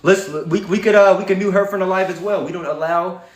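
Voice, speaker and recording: Defiant, high-voiced man in an echoey room. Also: steady tone, brisk. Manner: defiant, preachy, heavy swearing. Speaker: livestream host. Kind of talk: fiery livestream monologue.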